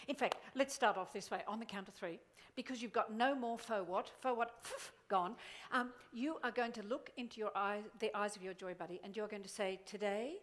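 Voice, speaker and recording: Lively high-voiced woman motivational speaker. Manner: animated, playful, acts out voices. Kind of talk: conference keynote. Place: large conference hall.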